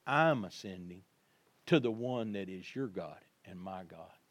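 A man voicing Jesus, a calm, gentle grown man, speaking softly in a low voice. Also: measured pace.

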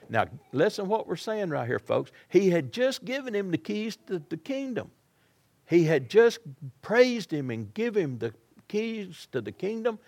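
A man's voice: high voice, darkish tone. A man preaching a sermon in a folksy, dramatic way, acting out the people in the story.

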